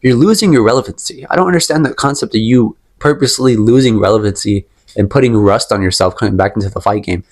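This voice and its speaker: A man's voice: lowish voice, quick pace. A young man giving a casual, rambling opinion rant about fighters, emphatic and repetitive, often restating his point. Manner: rambling, emphatic, repeats himself, sips tea while talking. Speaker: MMA commentary vlogger.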